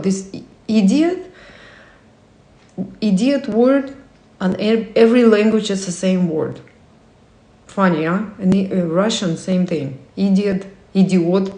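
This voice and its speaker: Woman, unhurried, soft mellow tone, non-native english phrasing, casual book talk, roomy echo. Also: mid-range voice. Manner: slow, reflective, asks the listener questions. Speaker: host.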